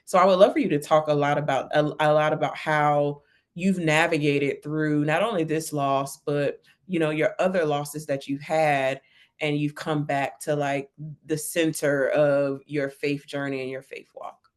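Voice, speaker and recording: A woman's voice: low voice, steady tone, normal speed. A woman hosting a podcast, framing a question in an encouraging, faith-centered way. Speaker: podcast host. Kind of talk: interview question.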